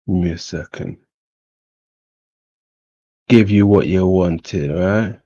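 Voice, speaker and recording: A man giving casual reaction commentary in profane, laughing, slow, drawling remarks. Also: low voice, mellow, no echo, lo-fi sound.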